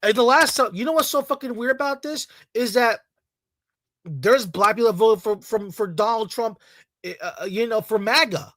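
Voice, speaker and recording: Heated and swearing, a vlogger from the U.S. Latino community rants straight at viewers, repeating himself in his angry commentary. The middling-pitched voice moves at normal speed with a slightly bright quality, recorded dry and close with no echo or room sound.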